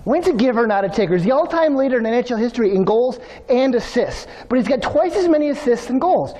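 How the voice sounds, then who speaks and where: A man giving an energetic motivational keynote, telling stories and speaking straight to the audience. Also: high voice. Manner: energetic, storytelling, addresses audience directly.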